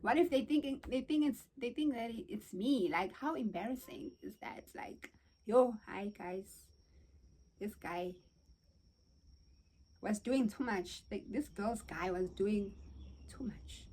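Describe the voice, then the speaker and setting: A young South African woman tells a story to her viewers in a casual vlog. She talks in an animated, exclamatory way, at a middling pitch for a woman. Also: measured pace, breathy edge. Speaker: vlogger.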